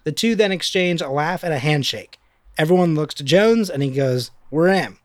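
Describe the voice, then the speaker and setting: A man casually recapping a film scene, playfully reading out the dialogue in quick voices. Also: a little high, expressive, no echo, clean studio sound.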